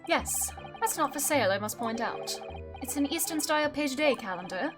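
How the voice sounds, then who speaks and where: A woman's voice: high-pitched, animated, fairly quick, over music. A woman voicing a precise, stubborn older male pawnbroker in a video game, speaking formally. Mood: fussy. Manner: formal, clipped pronouncements.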